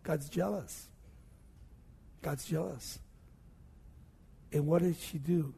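A male preacher giving a sermon, swinging from hushed low passages to loud emphatic peaks and asking and answering his own questions. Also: slow pace, gravelly, husky. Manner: asks and answers rhetorical questions. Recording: long hall reverb.

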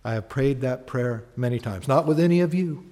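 A man's voice: mid-range voice, moderate pace, mellow. A man preaching a sermon as a pastor, talking conversationally, asking the congregation questions and acting out honest prayers. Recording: long hall reverb.

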